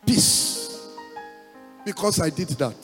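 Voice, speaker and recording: A pastor preaches in a very high, lively voice, drifting into sung lines and rising to loud calls. His words ring through a big reverberant church hall with soft music underneath. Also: moderate pace. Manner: emphatic preaching, half-sung phrases, rising to loud exhortation. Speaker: pastor giving a testimony. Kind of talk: sermon testimony. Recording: echoey hall with music behind.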